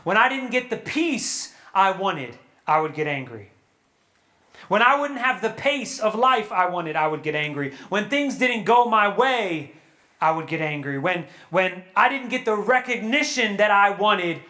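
At a young adult retreat, a man preaches a sermon to a live audience, earnest and animated, acting out prayers and quotes. His voice sits high and he speaks a little slowly.

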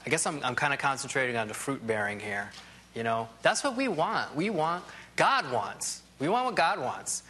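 A man of middle pitch giving a Bible lesson, speaking in a relaxed, unscripted way. He wanders through asides and restarts his thoughts as he goes. His tone stays friendly and plain throughout. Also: moderate pace, slight background noise. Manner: rambling, full of "you know" asides and restarts. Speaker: Bible teacher. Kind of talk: conversational Bible teaching.

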